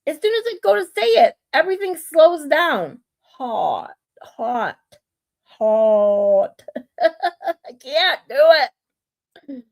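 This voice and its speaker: A woman hosting a casual livestream, musing aloud and trying out words for her viewers. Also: very high-pitched. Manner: musing aloud, slow, playful word practice. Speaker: streamer host.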